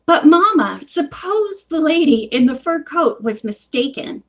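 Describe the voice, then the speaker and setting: A woman's voice: on the high side, lively intonation, unhurried, darkish tone, slightly rough. A woman voicing a worried male fur shop owner in a storybook reading, with a hesitant, pleading manner.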